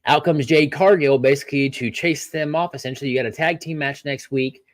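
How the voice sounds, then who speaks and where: A man hosting a solo wrestling review podcast, ranting with many rhetorical questions and pausing to apologize for his tangents. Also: on the high side, dry recording.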